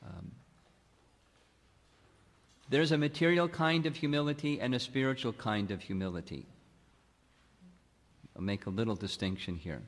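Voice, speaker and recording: A man giving a devotional lecture as a monk, speaking slowly and deliberately with long pauses between phrases. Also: mid-range voice. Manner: slow, measured, with long pauses. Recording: long hall reverb.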